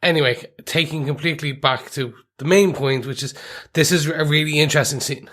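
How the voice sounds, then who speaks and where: A man's voice: fairly high pitch, fairly even intonation, a little fast, fairly bright tone. A man co-hosting a casual podcast, speculating loosely and saying "like" a lot. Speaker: podcast co-host.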